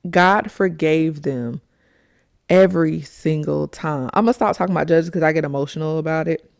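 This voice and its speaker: A young woman with a low, gravelly voice talks through a faith podcast episode. She tells her stories with emphasis and slips into acted-out quotes. The sound is close and dry, with no room around it. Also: normal speed, a little mellow, dry recording. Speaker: podcast host. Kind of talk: faith talk monologue.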